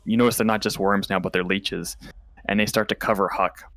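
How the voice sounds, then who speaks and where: A man's voice: lowish voice, fairly even intonation, a little fast, very noisy. A man narrating a tabletop game as game master, describing scenes vividly with casual fillers.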